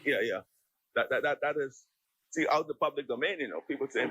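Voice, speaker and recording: A man's voice: mid-range voice, fairly quick, a bit bright, a little hiss or hum, poor audio. A man with a Bahamian accent, speaking as a member of parliament in a debate, argumentative and often restarting and repeating his words. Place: legislative chamber.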